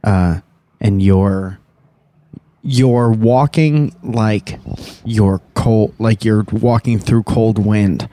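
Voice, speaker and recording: A man's voice: on the low side, very slow, dark tone. A man co-hosting a podcast in casual chat, teasing and joking. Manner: teasing, jokey. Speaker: podcast co-host.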